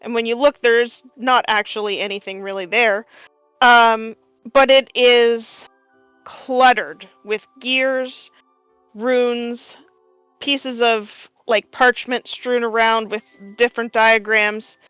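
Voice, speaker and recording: A woman's voice: on the high side, steady tone, slow, a bit bright, clear, resonant tone, no echo, faint music behind. A woman narrating a tabletop game as game master, describing scenes unhurriedly with many fillers.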